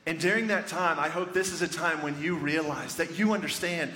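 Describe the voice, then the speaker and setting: Animated, forceful preaching man. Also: on the high side, a little fast. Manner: animated storytelling, excitable. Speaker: pastor. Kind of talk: sermon. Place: church sanctuary. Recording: echoey church hall with reverb, faint ambience.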